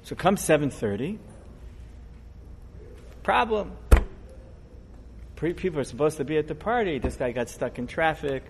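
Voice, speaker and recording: Conversational middle-aged rabbi telling stories. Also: male voice, a little high, measured pace, long pauses, noisy background. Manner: conversational, digressive, animated when telling the story. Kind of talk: storytelling sermon.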